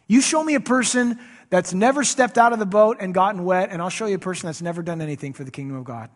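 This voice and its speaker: A man preaching a sermon, telling a Bible story with lively acted-out dialogue. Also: fairly high pitch, husky. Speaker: pastor.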